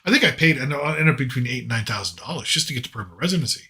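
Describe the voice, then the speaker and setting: A man's voice: medium pitch, expressive, racing, pushed and bright. An American man hosting a casual talk show, telling long stories with lots of restarts and acted-out quotes. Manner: rambling anecdotal, frequent restarts and quoted dialogue. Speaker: podcast host. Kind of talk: casual storytelling chat.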